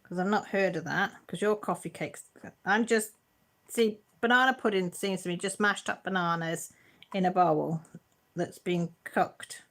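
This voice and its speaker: A woman from Britain hosting a casual live chat from home. She reads viewer comments aloud in a playful, easily excited way. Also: lowish voice, unhurried. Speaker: livestream host.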